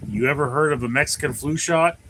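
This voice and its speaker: A man's voice: a little high, a little fast, a bit bright, a little hiss or hum, rough recording. A man hosting a casual livestream, rambling through viewer comments and telling jokes. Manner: rambling, many fillers and restarts, tells jokes. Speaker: livestream host.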